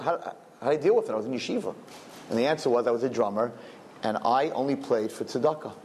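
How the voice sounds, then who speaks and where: A man's voice: mid-range voice, slight background noise. A middle-aged man giving a sermon as a rabbi, telling stories with jokes and acting out voices. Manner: animated, joking, acts out voices.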